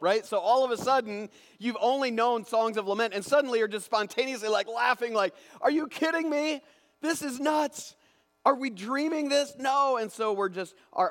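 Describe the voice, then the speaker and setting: Animated man preaching in a reverberant hall. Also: high-pitched. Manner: animated, acts out imagined voices, swings from loud to hushed. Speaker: pastor. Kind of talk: sermon.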